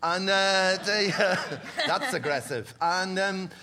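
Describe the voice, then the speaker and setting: A middle-aged Irish man, a comedian, telling jokes in an animated, laughing way on a panel. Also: high-pitched, slow pace. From Ireland. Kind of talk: stand-up panel banter. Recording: live venue with crowd noise.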